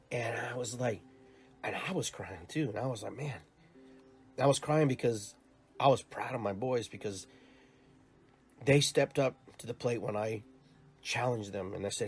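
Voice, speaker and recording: Long pauses mark this man's medium-pitched voice, which moves at a moderate pace over faint background music. A podcast host and youth soccer coach, he delivers an earnest, rambling reflective monologue on his own show, casual in tone and full of repeated words.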